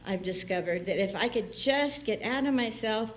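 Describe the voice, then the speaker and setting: A woman's voice: medium pitch, normal speed. A woman minister giving a chatty, personal sermon in a church, laughing often and acting out the people she quotes. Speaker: guest minister. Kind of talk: conversational sermon. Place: church sanctuary.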